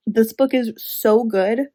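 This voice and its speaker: A woman's voice: on the high side, dark tone. A woman in a casual book review vlog, talking in a heated, emphatic way with sighs. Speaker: book vlogger.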